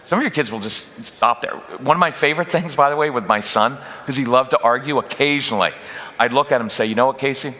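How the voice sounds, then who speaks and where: A man leading a parenting workshop at a church, talking directly and conversationally with quick asides to the audience. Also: medium pitch, pushed and bright. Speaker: guest speaker at a parenting workshop. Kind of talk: live workshop talk. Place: church hall. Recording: long reverb in a church hall.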